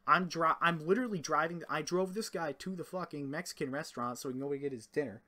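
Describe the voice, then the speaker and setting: A man's voice: fairly high pitch, fast. Profane young man telling a rambling story. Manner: rambling, profane, animated retelling with quoted voices. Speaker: storyteller vlogger. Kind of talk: casual storytelling monologue.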